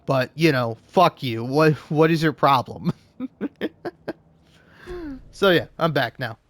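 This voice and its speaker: A man's voice: on the high side, slow, no room sound. A man rambling casually from home while playing a game, swearing and laughing often. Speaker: let's play host. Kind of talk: casual gaming commentary.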